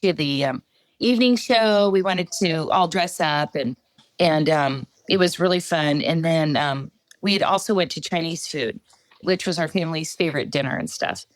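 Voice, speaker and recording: A middle-aged woman giving a personal testimony as a podcast guest, halting storytelling with many fillers. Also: low voice, dry recording.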